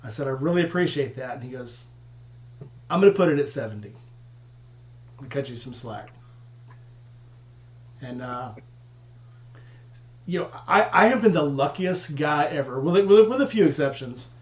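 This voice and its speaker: A man's voice: fairly high pitch, animated, moderate pace, pauses often, reverberant. A man telling profane, laid-back road stories in casual chat with friends. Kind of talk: casual storytelling among friends.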